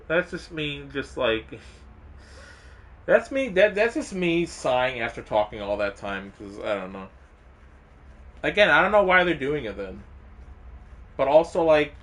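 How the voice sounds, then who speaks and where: Rambling young man streaming, bright voice. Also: mid-range voice. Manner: rambling, exasperated, lots of fillers and restarts; mock-angry teasing of a chat viewer. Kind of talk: casual live-stream chat.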